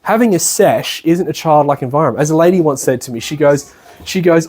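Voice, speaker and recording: Chatty Australian man, husky voice. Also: on the high side, a little fast, darkish tone. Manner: chatty and colloquial, often checks in with listeners, acts out people he describes. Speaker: spiritual lecturer. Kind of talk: casual spoken lecture. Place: lecture room at a retreat centre.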